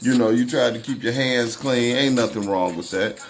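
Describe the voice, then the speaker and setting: A man hosting a laid-back livestream, talking straight to his viewers. His voice sits at a middle pitch and has a loose, chatty feel. Faint music plays behind him. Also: normal speed. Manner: talks straight to viewers by name, loose and conversational. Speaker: livestream host. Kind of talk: casual livestream commentary.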